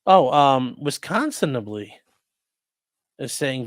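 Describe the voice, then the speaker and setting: A man's voice: on the high side, sing-song, normal speed, fairly bright tone. A man who is a lawyer chats casually on a livestream, joking and reading viewer comments aloud.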